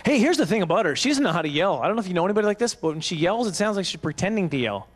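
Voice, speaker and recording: A man in his forties doing animated, self-mocking stand-up comedy at a banquet, on a handheld microphone. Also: high-pitched, racing. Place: banquet hall stage.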